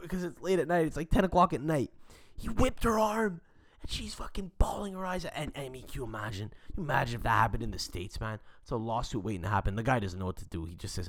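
A young adult man hosting a podcast, telling a story in a rambling, profane, animated rant. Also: mid-range voice, quick pace. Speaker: podcast host.

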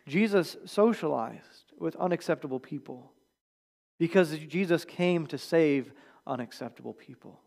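A man with a fairly high voice preaches a sermon to his church. He keeps it conversational and lets his phrases fall quiet at the ends. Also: creaky. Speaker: pastor.

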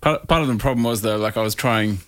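A man's voice: mid-range voice, quick pace, a bit bright, dry recording. A man co-hosting a podcast in casual, sweary, rambling chat. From Australia. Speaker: podcast co-host.

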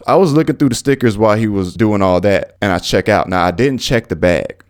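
A young man hosting a podcast, telling stories casually in an animated, profane, slangy way. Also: lowish voice, brisk. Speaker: podcast host. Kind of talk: casual storytelling monologue.

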